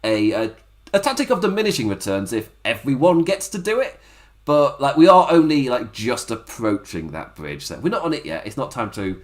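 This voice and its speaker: A man's voice: on the high side, big pitch swings, normal speed. A man hosting a casual solo wrestling recap podcast, rambling, cutting himself off and laughing at his own asides. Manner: rambling, self-interrupting, laughs at own jokes.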